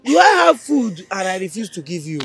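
A man's voice: high voice, very animated, fairly quick, fairly bright tone, husky, soft background music, heavily acted. An actor with a Nigerian accent playing a lazy, drunken village husband who waves off his wife with mockery. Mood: defiant. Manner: dismissive, mocking, defiant.

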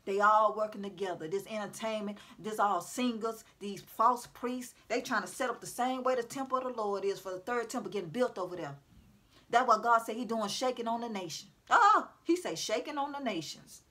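A woman preaches to viewers from her home, her voice high and bright and her delivery brisk. Calling herself prophetic, she gives an informal, preachy, repetitive exhortation on faith and calls out to her audience.

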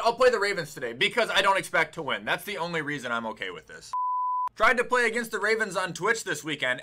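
A young man talks through a football video game in an easy, chatty way. His voice is bright and cutting and sits a little high. It leaps all over the place as he gets excited and curses at the screen. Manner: excitable, swears and yells at the game. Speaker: gaming YouTuber. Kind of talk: casual gameplay commentary.

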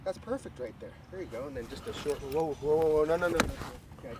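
A man's voice: a little high, expressive, fast. A man teaching a golf lesson at an outdoor range, patient and friendly as he explains each swing. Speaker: golf instructor. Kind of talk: coaching a lesson. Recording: outdoor recording with clear background noise.

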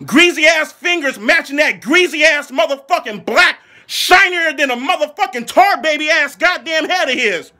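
A man from Philadelphia rants as an outraged football fan in a high, piercing voice. He mocks and curses without pause and keeps erupting into shouts. The tone is bright and forceful throughout. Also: animated. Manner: furious, mocking, heavy swearing, shouting bursts. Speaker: angry football fan ranting. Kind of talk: profane comedic sports rant.

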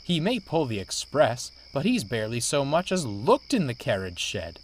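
A man's voice: medium pitch, very animated, moderate pace, a little hiss or hum, pitched above the performer's own voice, lightly acted. A man voicing a cheeky, chatty little male tank engine. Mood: amused. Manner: chatty, knowing. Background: music.

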